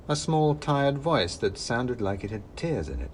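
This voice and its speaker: A man's voice: mid-range voice, very animated, a little slow, a little hiss or hum. A man narrating a fantasy story in the first person with wry, dry humor. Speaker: narrator and author-reader.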